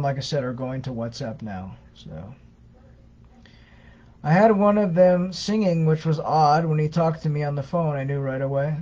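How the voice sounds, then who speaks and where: A woman answers questions on a casual live stream in a chatty, halting way, stumbling over her words and filling gaps with ums. Her voice comes through dull and muffled. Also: deep voice, mellow. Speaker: co-host of a scam-awareness page.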